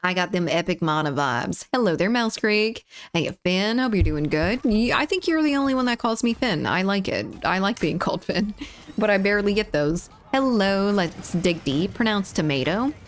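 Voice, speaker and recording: A woman's voice: mid-range voice, lively intonation. A woman streams a shooter game and chats casually with her viewers. She talks in a playful, teasing way, reading their messages aloud and bantering between rounds. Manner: playful, chatty, reads chat aloud, quick laughs. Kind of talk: casual live-stream chat while gaming.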